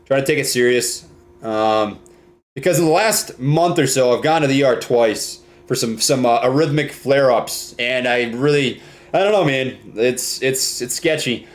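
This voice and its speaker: A man's voice: medium pitch, normal speed. A young man from Minnesota hosting a casual live stream, reading viewer comments and often ending lines with "right?" and "man".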